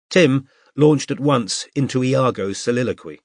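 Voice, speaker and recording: A man narrating a detective novel as an audiobook in a measured, steady storytelling manner. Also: mid-range voice, no echo, clean studio sound. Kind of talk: scripted narration.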